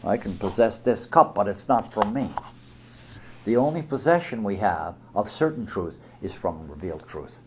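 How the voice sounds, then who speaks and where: A man giving a religious talk to an audience, speaking emphatically, with big swings in loudness. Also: fairly low pitch, animated, normal speed, a little hiss or hum.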